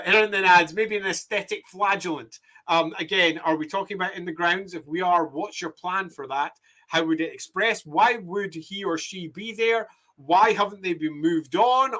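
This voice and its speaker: A man's voice: sits high, pushed and bright. A Scottish man chatting casually as he maps a game city, reading viewer comments and joking about how bad he is at accents. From Scotland. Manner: chatty and self-deprecating, laughs often. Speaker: game writer and streamer.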